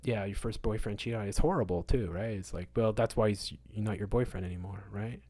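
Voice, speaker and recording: A man hosting a livestream, answering chat in a casual rant, moralizing and repeating words for emphasis, at times loud, at times muttering. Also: lowish voice, brisk, dry recording. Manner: swings between loud outbursts and muttered asides.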